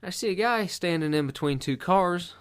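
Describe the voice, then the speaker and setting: A man's voice: high-pitched, expressive, moderate pace, smooth. A man hosting a podcast, delivering a casual, profanity-laden monologue full of exasperation. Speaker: podcast host.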